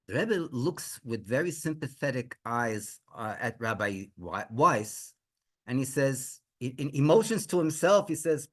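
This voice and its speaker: Animated rabbi telling a story. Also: male voice, medium pitch, moderate pace. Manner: animated, many restarts and fillers, rhetorical questions. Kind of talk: religious storytelling.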